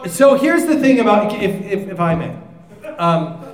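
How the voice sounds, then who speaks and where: A high-pitched man co-hosts a podcast in loose, crude banter. He rambles, swears freely and fills gaps with ums and laughs. His voice rings in an echoey room. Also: sing-song, measured pace. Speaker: podcast co-host.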